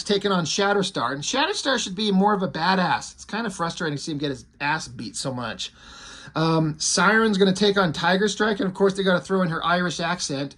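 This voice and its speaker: A man's voice: high-pitched, a bit bright. A man giving casual comic book commentary in a blunt, rambling way with frequent profanity.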